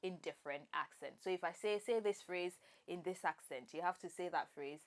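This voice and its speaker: A woman's voice: fairly low pitch, brisk. A woman co-hosting a casual chat show, playful and chatty as she leads a party game. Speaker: co-host.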